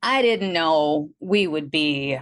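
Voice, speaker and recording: A woman with a Wisconsin accent speaks in a fairly low voice, talking as an interview guest over a video call. She is animated and jumps into a higher voice whenever she acts out her own past thoughts. The sound is dry and close. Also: slow, no room sound. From Milwaukee, Wisconsin. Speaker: guest, energy healer. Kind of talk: casual interview storytelling.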